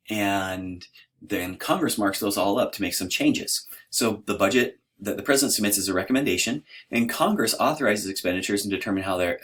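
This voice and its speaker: A man's voice: fairly low pitch, a bit bright, breathy edge. A man giving an informal, conversational lecture in a hesitant, self-deprecating way.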